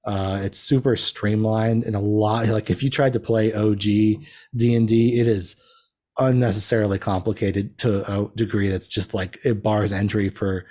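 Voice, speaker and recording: A man talks as a guest on a podcast, his voice sitting low with a mellow, dark tone. He rambles easily through casual conversation, often laughing at himself. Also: steady tone, moderate pace. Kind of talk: casual chat.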